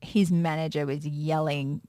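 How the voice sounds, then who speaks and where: A woman who presents on music and pop culture appears as a guest in a casual interview, speaking in a low voice, a little slow, in studio-quality sound with no echo. She's a chatty storyteller who acts out quotes in lively voices.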